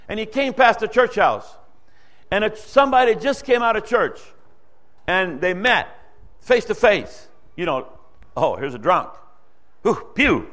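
High-pitched guy preaching a sermon, earnest, storytelling, lots of ups and downs. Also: fairly bright tone. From Dutch-speaking background.

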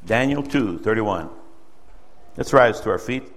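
A male preacher delivering an emotional sermon, swinging from loud exhortation to hushed storytelling. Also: fairly low pitch, lively intonation, measured pace. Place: church sanctuary. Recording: long reverb of a large hall.

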